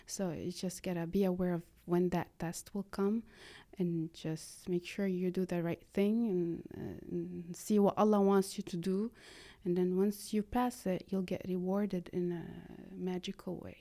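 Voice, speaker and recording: A woman, speaking earnestly and haltingly as a podcast guest, slipping in phrases. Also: on the low side, fairly even intonation, mellow. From Lebanon. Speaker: guest, art therapy practitioner. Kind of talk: conversational podcast interview.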